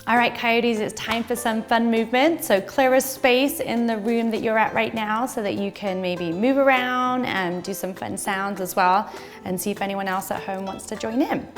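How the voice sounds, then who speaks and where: A woman leads a virtual circle time for small children, her fairly high voice slow and sing-song as she coaxes them along. Faint music plays softly underneath. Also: fairly even intonation. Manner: sing-song, slow and encouraging, talks to little kids. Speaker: preschool teacher.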